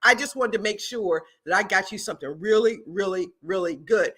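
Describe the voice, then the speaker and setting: A woman's voice: medium pitch, brisk, fairly bright tone, slightly rough. A middle-aged woman from the US, hosting an upbeat live stream and hyping up her viewers with lots of repetition. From Southern US. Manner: exuberant, hype-building, talks to viewers directly, repeats herself. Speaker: livestream host and product founder.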